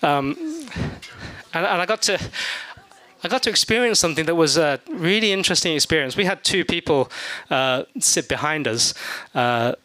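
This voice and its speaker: A man's voice: fairly high pitch, expressive, normal speed, bright, forceful tone, dry recording. A man preaching a sermon as pastor, in a conversational way with humorous asides, acting out the people in his stories. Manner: acts out voices in his stories.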